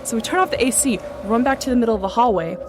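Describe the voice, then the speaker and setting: A woman's voice: on the high side, racing, slight background noise. A young woman casually recounting a true ghost story in a chatty way, full of "like" and "um" fillers. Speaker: guest storyteller.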